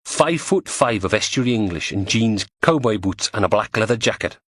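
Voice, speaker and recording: A man's voice: fairly low pitch, lively intonation, a little fast, a bit bright, dry recording. A man narrating an audiobook crime thriller in a dry, wry storytelling manner on a close studio mic.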